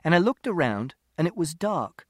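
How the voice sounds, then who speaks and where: A man's voice: a little high, big pitch swings, moderate pace, no room sound, studio quality. A man reading a first-person story aloud as narrator, in a literal, precise, matter-of-fact telling. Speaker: audiobook narrator. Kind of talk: scripted narration.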